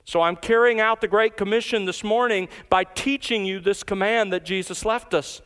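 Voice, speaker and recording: Man preaching, high voice, smooth and resonant, emphatic, slows on key words. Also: a bit bright. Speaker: pastor. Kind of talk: sermon.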